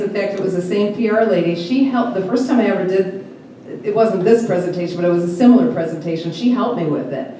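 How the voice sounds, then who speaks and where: A woman photographer gives a relaxed, chatty talk to a club, laughing often and teasing herself. Her mellow, dark voice is picked up from far away in a very echoey room, with a faint hum of ambience behind her. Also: medium pitch. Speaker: event photographer giving a talk. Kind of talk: casual presentation to a photo club.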